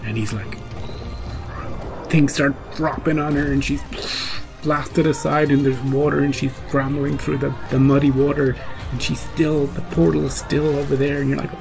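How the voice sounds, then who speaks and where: A man's voice: fairly high pitch, fairly even intonation, moderate pace, creaky, over music, rough recording. A man hosting a reaction channel, recapping an episode with rising emotion and acting out his own gasps and urgings. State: choked up.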